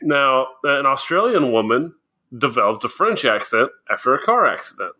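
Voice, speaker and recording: A man's voice: mid-range voice, big pitch swings, normal speed, bright, forceful tone. A man co-hosting a casual podcast chat, explaining things and often laughing as he goes. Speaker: podcast co-host.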